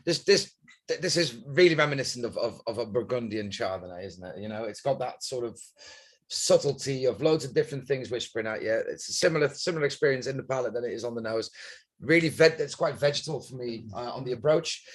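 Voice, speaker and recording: A man's voice: medium pitch, expressive, fast. A man co-hosting a live wine tasting, describing aromas in detail with playful quips. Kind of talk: casual live-stream chat.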